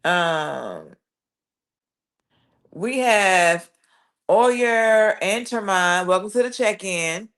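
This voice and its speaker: A woman hosting a live stream, chatting casually with her viewers. She reads their comments aloud and answers each one quickly and directly. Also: medium pitch, expressive, fairly bright tone. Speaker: livestream host reading chat.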